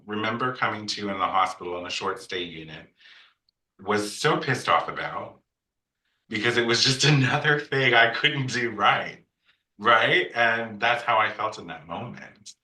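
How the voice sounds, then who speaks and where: A man's voice: on the low side, bright, forceful tone. A man guest telling his story candidly, frank and reflective, with a touch of sass. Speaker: podcast guest. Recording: echoey room, distant mic.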